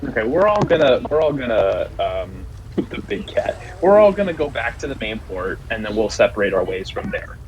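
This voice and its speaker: A man voicing a helpful male guide in a tabletop game, halting and full of fillers. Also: lowish voice, sing-song, slight background noise, low-quality recording. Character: helpful male guide named John Rat.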